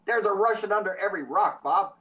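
A man's voice: sits high, quick pace, pushed and bright, distant mic, dull audio. A man co-hosting political talk radio in a folksy, profane drawl. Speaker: radio co-host.

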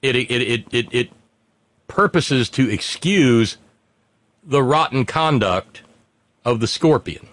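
A man talking politics as a guest, stammering at the start of his points, then telling a fable at a measured pace. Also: mid-range voice, animated, a bit bright, no room sound. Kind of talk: political discussion.

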